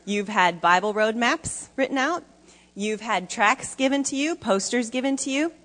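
Woman giving a sermon, kinda high voice, lots of questions to the crowd, big hall echo. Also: animated, moderate pace, fairly bright tone. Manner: emphatic, conversational, asks the audience questions. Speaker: preacher. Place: church hall before an audience.

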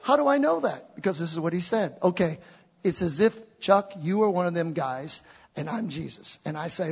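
A man with a high, gravelly, husky voice preaches a sermon. He swings from shouted climaxes to low, chatty asides and plays with the congregation. The sound carries a long church-hall reverb. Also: lively intonation, normal speed. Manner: conversational, playful with the congregation. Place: church sanctuary with live congregation.

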